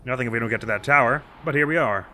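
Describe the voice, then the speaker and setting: A man's voice: mid-range voice, very fast, bright, forceful tone, a little hiss or hum. A man hosting a let's play, giving playful, chatty gameplay commentary and laughing often.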